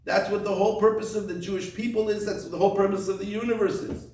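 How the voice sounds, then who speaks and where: Man giving a Torah lecture, high-pitched, heavy room echo, recorded from a distance. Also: fairly even intonation, quick pace, a little mellow. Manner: explains step by step, repeats points, rhetorical questions. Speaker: rabbi teaching a Torah class. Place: classroom or study hall. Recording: echoey room, voice from far off the mic.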